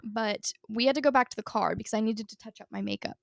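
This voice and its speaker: Young woman podcast co-host, fairly high voice, gushing and chatty with "like" in every phrase, dry close sound. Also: fast, gravelly, dry recording. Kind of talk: casual storytelling chat.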